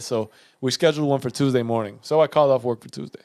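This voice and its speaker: A man's voice: mid-range voice, quick pace, darkish tone. A young man co-hosting a podcast, telling a story in casual, profane chat and acting out the dialogue. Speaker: podcast co-host.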